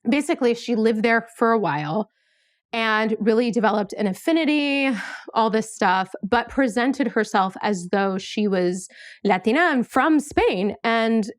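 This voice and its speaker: A chatty woman with a fairly high voice hosts a casual podcast, peppering her talk with "like" and lively asides. The sound is dry and close, with no room echo. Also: a little slow. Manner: chatty, filler-heavy with lots of "like", animated asides. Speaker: podcast host. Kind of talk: casual conversational interview.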